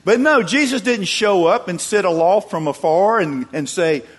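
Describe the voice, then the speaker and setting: Preaching man, dramatic swings in loudness. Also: lively intonation, moderate pace, husky. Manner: dramatic shifts from loud emphatic peaks to low quiet asides; acts out quoted voices, chuckles. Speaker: pastor. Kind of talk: sermon.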